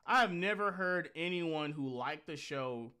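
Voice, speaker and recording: Blunt, profane male commentator, higher-pitched. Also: unhurried, clean tone. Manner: animated rants with mocking outbursts. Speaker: host. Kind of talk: reaction commentary on an article.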